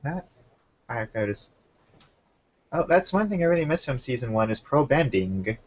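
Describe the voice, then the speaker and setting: A young man hosting a casual chat, relaxed and talkative, keeping an eye on the time. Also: medium pitch, moderate pace. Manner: relaxed, chatty, keeps time. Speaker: podcast host. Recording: muffled lo-fi recording.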